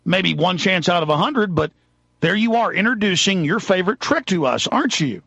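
Texas guy ranting on his talk show, high sharp voice, kinda muffled dry recording. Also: sing-song, moderate pace, gravelly, breathy edge, dry recording. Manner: shouting, accusatory, ranting. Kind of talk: angry political rant.

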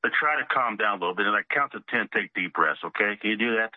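A man calling in to a radio show, speaking in a calm, soothing way. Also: on the low side, fast, dry recording. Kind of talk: phone-in chat. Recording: tinny phone line.

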